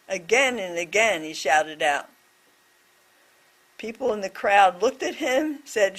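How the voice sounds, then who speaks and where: A woman voicing a deaf presenter's signed reflection on a scripture story, speaking in short, measured phrases. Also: mid-range voice, lively intonation, a bit bright.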